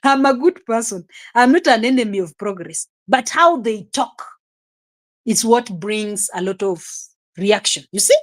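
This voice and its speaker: A woman's voice: a little high, expressive, unhurried. A woman giving casual reaction commentary, exclamatory and scolding, chuckling often. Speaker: reaction vlogger.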